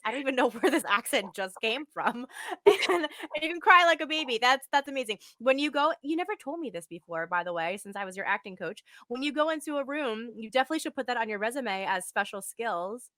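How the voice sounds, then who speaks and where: A woman's voice: a little high, lively intonation, brisk, sharp tone, dry recording. A young woman hosting a live video podcast interview, bubbly and gushing, laughing often. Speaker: podcast host and acting coach. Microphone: video call.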